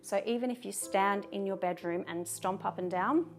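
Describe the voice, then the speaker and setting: A woman talking to camera in a video, giving calm, measured advice and turning firm when she gives short commands. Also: medium pitch. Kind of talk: direct-to-camera advice talk.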